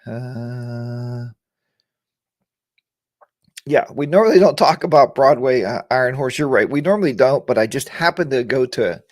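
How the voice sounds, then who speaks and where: A middle-aged man hosts a relaxed live-stream about motorcycles, chatting loosely and wandering off into jokey asides. His voice sits at an ordinary middle pitch. It is recorded dry and close, with no room sound at all. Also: unhurried, pauses often, no room sound. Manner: rambling and joking, chatty asides. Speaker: host of a live motorcycle chat show. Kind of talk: casual live-stream chat, reading viewer comments.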